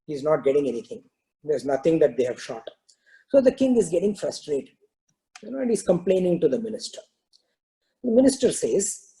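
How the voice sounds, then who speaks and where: A man's voice: fairly high pitch, very animated, brisk, mellow, rough recording. A man giving a spiritual teaching, explaining terms and telling a parable in a loose, filler-filled storytelling way. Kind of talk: scripture talk with a parable.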